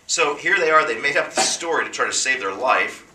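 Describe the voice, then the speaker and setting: Male pastor, emphatic sermon delivery, bright tone, mic a bit distant in a big room. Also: medium pitch, expressive, a little fast, roomy sound. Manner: preaching with emphatic, rising bursts.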